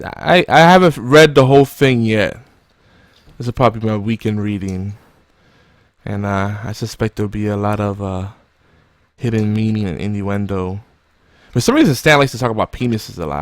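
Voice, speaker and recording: A man's voice: lowish voice, no room sound. Rambling male podcast host, dry sound. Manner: rambling, many fillers, joking. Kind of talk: casual podcast chat.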